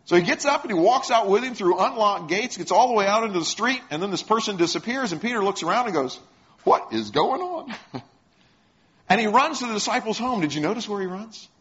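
Man, preacher, sermon, storytelling, asks questions, slightly high voice, muffled lo-fi recording. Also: animated, fast talker, few pauses, fairly bright tone. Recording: dull lo-fi sound.

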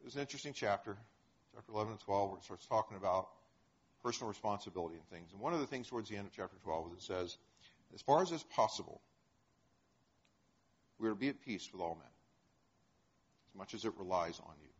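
Man, sermon teaching, conversational, lively swooping pitch, dull lo-fi sound. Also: quick pace, long pauses, husky. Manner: conversational, animated retelling with chuckles. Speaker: preacher. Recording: dull lo-fi recording.

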